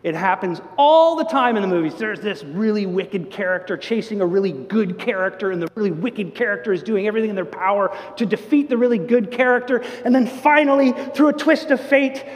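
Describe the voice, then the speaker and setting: An older man preaching a sermon in a church, telling stories with lively energy and acting out the quotes. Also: high-pitched, a little fast, hardly any pauses. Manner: animated storytelling, acts out quotes. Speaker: pastor. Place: church sanctuary. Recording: long church reverb.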